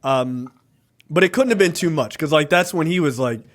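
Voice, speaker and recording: A man's voice: a little high, moderate pace. A man co-hosting a casual movie review chat, acting out the characters' lines. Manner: animated, acts out characters' lines. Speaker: podcast co-host.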